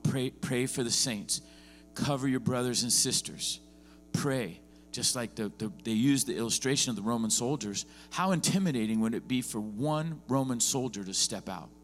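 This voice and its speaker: A man preaching as a visiting pastor, often rising into emphatic bursts and checking in with the congregation. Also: on the low side. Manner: lively preaching with rising, emphatic bursts and frequent "are you with me?". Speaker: guest pastor. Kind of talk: sermon. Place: church.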